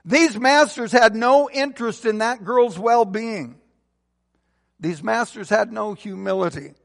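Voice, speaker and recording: A slightly slow sermon comes from a pastor with a high, gravelly voice, who builds to forceful, emphatic peaks and relaxes into soft, low phrase endings amid the long reverb of a large church hall.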